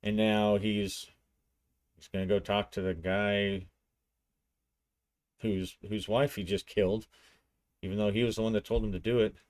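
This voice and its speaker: A man's voice: on the low side, flat delivery, measured pace, long pauses, darkish tone, no echo. A man narrating a solo tabletop roleplaying session, storytelling with frequent restarts.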